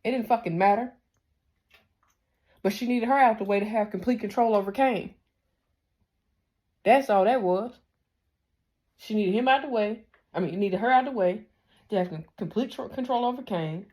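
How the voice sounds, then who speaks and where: A woman recaps a TV episode in a loose, heated rant. She fires off profane rhetorical questions at her audience. Her pitch and loudness swing widely as she gets worked up. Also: normal speed, pauses often. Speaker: TV recap host.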